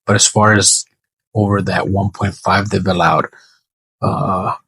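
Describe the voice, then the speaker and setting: Alone, a man makes casual soccer betting predictions, thinking aloud and correcting himself as he goes. His low, husky voice stays level and unhurried with a fairly bright tone, on a dry, rough recording.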